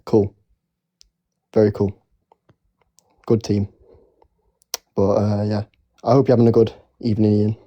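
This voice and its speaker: A man's voice: on the low side, level tone, unhurried, pauses often, no room sound, muffled recording. A man calling in to a live show, hesitant and polite, with many ums. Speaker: caller.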